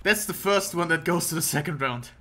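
A young man giving casual let's-play commentary, excitable and self-mocking, swearing often and breaking into laughter. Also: fairly high pitch, brisk. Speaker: gaming commentator.

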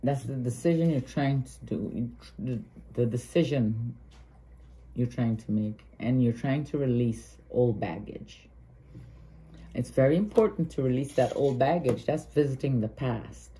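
A woman's voice: very deep voice, moderate pace, dark tone. A woman with a Guyanese accent giving an earnest, heartfelt tarot card reading, thinking aloud and restarting her sentences. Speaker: tarot reader.

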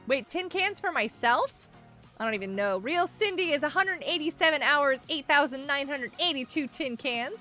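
A woman's voice: high voice, expressive, normal speed, sharp tone, soft background music. A woman hosting a casual gaming livestream, chatting with viewers, giggling often and reading out chat messages. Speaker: livestream host.

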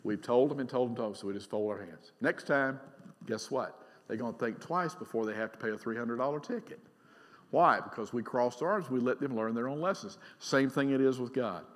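A man's voice: mid-range voice, lively intonation, moderate pace. Emphatic middle-aged male pastor preaching. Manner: emphatic, swings from loud to quiet, asks the congregation questions. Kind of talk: sermon. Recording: long reverb of a large church hall.

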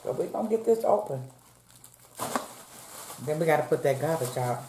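There's background noise in this echoey room as the mukbang host, her voice sitting low and animated at a moderate pace, talks casually to viewers. She calls them "y'all" and eats in between lines.

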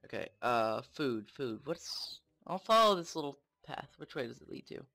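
A young man commenting on his own game play, excitable and swearing often, talking to the game. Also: medium pitch, moderate pace. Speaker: gamer.

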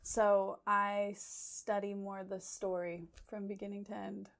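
A young woman from Idaho, a psychology graduate student, answering interview questions thoughtfully, with frequent pauses and ums. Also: mid-range voice, flat delivery, vocal fry, fairly bright tone. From Idaho, USA. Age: young adult. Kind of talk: conversational interview.

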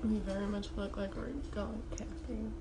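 A woman's voice: mid-range voice, flat delivery, moderate pace, noisy background. A woman chatting casually on a phone livestream, teasing and laughing through tongue twisters. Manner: laughing, teasing, shy about performing. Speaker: livestream guest.

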